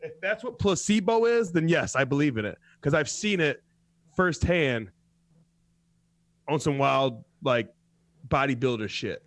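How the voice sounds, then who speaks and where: A man with a slightly high voice tells a rambling story for a radio talk show, swearing freely and laughing often. His voice sits close and dry on the mic. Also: expressive, unhurried, long pauses, dry recording. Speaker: co-host. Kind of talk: profane casual chat.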